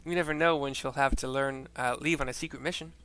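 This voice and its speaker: A fond village woman who teases loudly, voiced by a man. The voice is bright and forceful, with a playful edge. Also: medium pitch, steady tone, fast talker, clear, resonant tone, soft background music, lightly acted. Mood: teasing.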